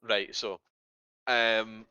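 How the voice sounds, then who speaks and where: A man narrates a tabletop session as game master, meandering through fillers and cheerful swearing. His voice is bright and forward, with a dry, close sound and no room around it. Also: fairly low pitch, little pitch movement, very slow, clear, resonant tone, no room sound, lo-fi sound. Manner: rambling, swears freely, many fillers.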